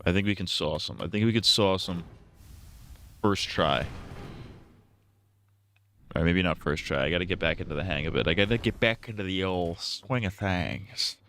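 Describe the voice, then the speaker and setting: A man's voice: low-pitched, fairly quick, hardly any pauses, pushed and bright, slight background noise. A man streaming a game live, rambling in a crude, profane and goofy way. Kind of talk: casual gaming stream commentary.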